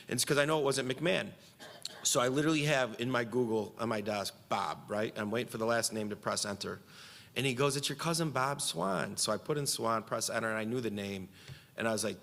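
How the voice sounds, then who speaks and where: A man's voice: lowish voice, fairly quick, gravelly, a bit bright, long reverb tail. A man giving a conference speech from Central New York, telling a story and quoting himself and others with animation.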